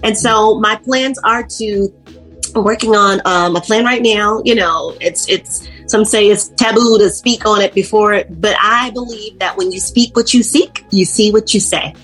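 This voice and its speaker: A woman's voice: mid-range voice, a little slow, a bit bright, faint music behind. A middle-aged woman, an interview guest, telling a personal story in casual talk and acting out her own past words.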